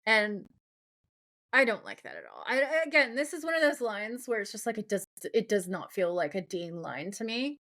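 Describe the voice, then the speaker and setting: A woman co-hosting a podcast, recapping a TV episode in casual, animated chat full of laughs and "like" fillers. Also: medium pitch, moderate pace. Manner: animated, giggly, frequent "like" fillers. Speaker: podcast co-host.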